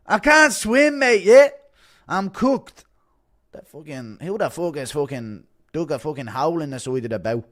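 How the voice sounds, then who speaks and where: A man voicing a brash, cocky Irish fighter with a put-on Irish accent, swaggering and swearing as he shouts. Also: fairly high pitch, animated, normal speed, voice pushed up. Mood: panicked.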